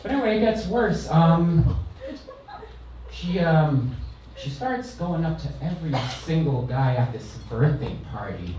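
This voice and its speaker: A man's voice: fairly high pitch, expressive, a little slow, warm tone, slight background noise. A man from California's San Fernando Valley doing a stand-up set on a comedy club stage, delivering brash, profane, self-deprecating punchlines. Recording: roomy live club sound from a distance.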